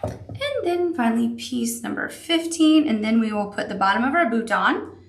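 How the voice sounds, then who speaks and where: A woman's voice: on the high side, lively intonation, moderate pace. Upbeat lady chatting through a sewing demo, kinda roomy echo. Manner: chatty, upbeat, talks while working. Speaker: sewing instructor. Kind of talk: crafting tutorial. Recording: echoey room.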